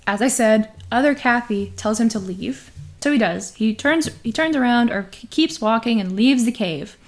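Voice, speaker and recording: A woman's voice: fairly high pitch, animated, normal speed. A woman co-hosting a casual podcast, retelling an eerie story and laughing often as she talks. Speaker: podcast co-host.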